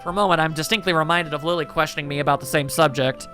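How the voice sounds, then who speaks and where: Bright-voiced man reading a visual novel. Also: fairly high pitch, steady tone, rapid-fire, faint music behind. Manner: reflective first-person narration. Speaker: let's play host.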